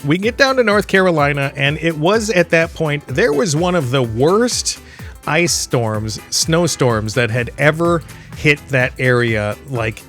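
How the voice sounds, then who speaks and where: A man with a fairly high voice tells a loose, rambling story in a casual way. He chuckles often and corrects himself mid-sentence. Faint video game music plays underneath. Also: a bit bright. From Michigan, USA. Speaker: gaming channel host. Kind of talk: casual storytelling over gameplay.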